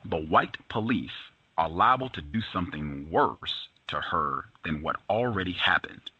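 A man's voice: low voice, expressive, measured pace, bright, forceful tone, husky, dry recording, muffled recording, heavily acted. A man reading out a grim protective father.

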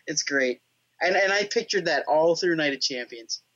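A man co-hosting a casual podcast, telling stories excitedly, with restarts and laughter. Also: fairly high pitch, normal speed. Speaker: podcast co-host. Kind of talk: casual chat. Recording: dull lo-fi sound.

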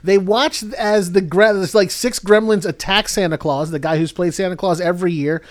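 A comedy podcast co-host, he speaks with a high-sitting voice, a steady tone, and a moderate pace. He wanders through a casual retelling of a movie's plot, chuckling at his own story as he goes.

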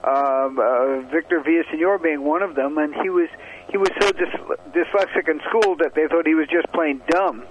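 A man who is a guest on a radio show, telling stories in a measured way. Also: on the high side, narrow, tinny audio, background noise.

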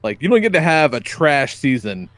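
Male podcast co-host, slightly higher voice, lively joking banter, dry mic. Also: no echo. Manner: jokey, laughs a lot, quick banter. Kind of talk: casual podcast chat.

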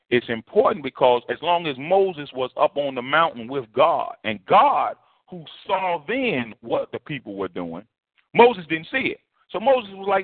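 Man, pastor, sermon, animated and conversational, dry close sound. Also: on the high side, normal speed, no room sound. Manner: animated, repetitive, conversational preaching. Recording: tinny phone-like sound.

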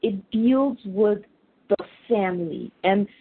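A woman chatting casually as a podcast co-host, excitable and gushing. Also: medium pitch, slow pace, breathy edge. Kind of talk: casual chat. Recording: tinny phone-like line.

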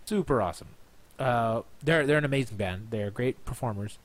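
A man hosts his podcast a little tipsy, talking at an ordinary pitch in a loose, rambling flow. He circles back, repeats himself and restarts his sentences as he tells a long story. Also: moderate pace. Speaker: podcast host. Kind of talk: casual storytelling monologue.

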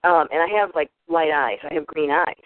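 A woman's voice: deep voice, brisk. Boston-accented woman in her fifties on a tinny phone line. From Boston area, USA. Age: 50s. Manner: animated storyteller who acts out voices. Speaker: caller on a group call. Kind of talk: casual personal introduction.

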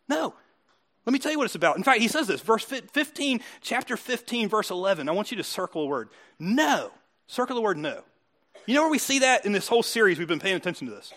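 A man's voice: sits high, sharp tone. A male pastor preaching a sermon in a conversational, teasing way, often chuckling as he talks to the congregation.

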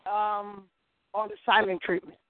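A woman calling in with a question, hesitant and halting as she speaks. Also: medium pitch, level tone, no echo. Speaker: caller. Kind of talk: call-in question. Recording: tinny dry phone line.

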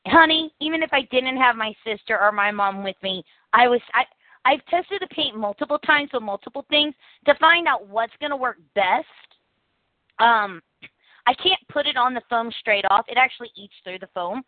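A high-voiced woman hosts a casual podcast, chatty and animated as she tells stories and laughs along. The audio is dry and thin, like a phone line. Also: normal speed, no room sound. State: coughing after swallowing the wrong way. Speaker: podcast host. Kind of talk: casual chat.

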